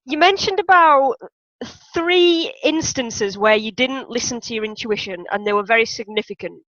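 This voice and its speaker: A woman hosts an interview in a bright, fairly high voice, agreeing readily and laughing along with her guest. Her audio sounds dull and dry, like a call recording. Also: no echo. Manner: encouraging, quick to laugh and agree. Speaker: interview host. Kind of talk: casual interview.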